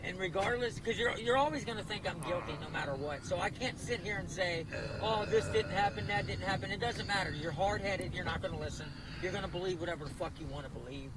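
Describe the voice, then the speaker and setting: A man's voice: sits high, fast, hardly any pauses. A man livestreaming from his car on a phone, talking in a defensive, aggrieved way. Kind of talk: casual livestream talk. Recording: car livestream with loud road noise.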